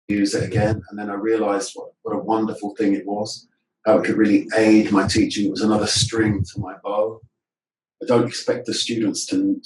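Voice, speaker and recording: A male teacher trainer giving a webinar presentation on a video call. He explains points and drills words aloud, often asking rhetorical questions. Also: on the low side. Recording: echoey room audio from a distance.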